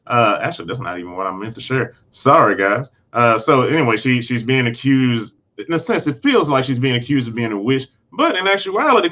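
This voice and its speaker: A man's voice: medium pitch, sharp tone, highs cut off. A man hosting a casual TV episode recap, rambling along with frequent restarts and self-corrections. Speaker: host.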